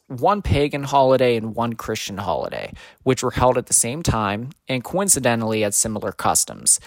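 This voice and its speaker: A man's voice: mid-range voice, no room sound. A man speaking earnestly to his audience, explaining a faith topic in a scripted teaching talk with the odd filler. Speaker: Christian teacher.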